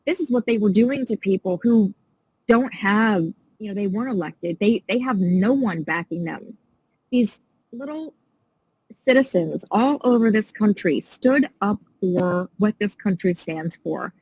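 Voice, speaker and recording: A woman's voice: mid-range voice, lively intonation, unhurried, darkish tone, breathy edge, dry recording, rough recording. A woman guest on a podcast, talking in a passionate, indignant and emphatic way in a casual interview.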